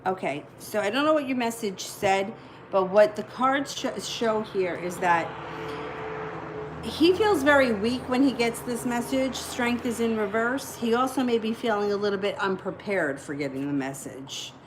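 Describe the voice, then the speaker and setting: Doing live tarot readings, a woman answers viewer questions in a loose, chatty style, explaining the cards conversationally with plenty of fillers. Her voice is a little high and moderately paced, with background noise behind it.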